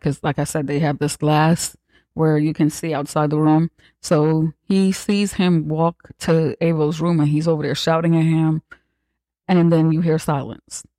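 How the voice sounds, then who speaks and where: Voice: mid-range voice, warm tone, no room sound. A podcast host giving a casual, slangy, profane movie recap with joking asides.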